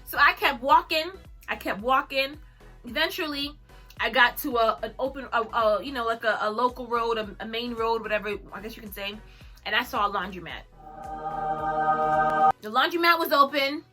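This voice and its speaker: Young woman, high bright voice, casual vlog storytelling, animated, acts out her own lines, faint music behind. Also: moderate pace. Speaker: vlogger.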